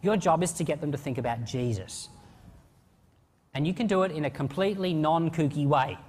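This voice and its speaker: A man preaching a sermon in an animated, conversational way. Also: a little high, fairly quick, breathy edge, big-room sound. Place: church.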